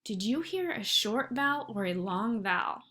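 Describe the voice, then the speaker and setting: A woman's voice: a little high, lively intonation, moderate pace, fairly bright tone. A woman teaching a first grade phonics lesson, speaking patiently and encouragingly and stretching out each sound for young children. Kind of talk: recorded online phonics lesson.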